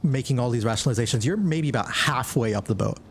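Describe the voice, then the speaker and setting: A man's voice: mid-range voice, fast, gravelly, slight background noise. A man narrating a tabletop game as game master, casual and rambling with many fillers.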